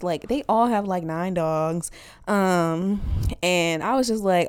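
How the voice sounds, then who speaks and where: A woman from Wisconsin delivering a casual comedic monologue, profane and animated, laughing often and mimicking other voices. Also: fairly low pitch, a little fast.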